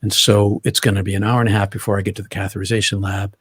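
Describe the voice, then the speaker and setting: A man's voice: lowish voice, flat delivery, very fast, husky, no room sound, studio quality. A middle-aged man, a guest in an interview, earnestly retelling a personal experience in vivid detail, often restarting his sentences.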